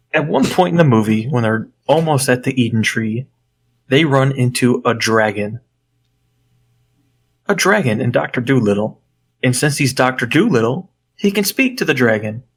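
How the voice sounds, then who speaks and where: A young man co-hosting a podcast, telling a story in a casual, animated way and swearing freely. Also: medium pitch. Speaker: podcast co-host. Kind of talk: casual chat.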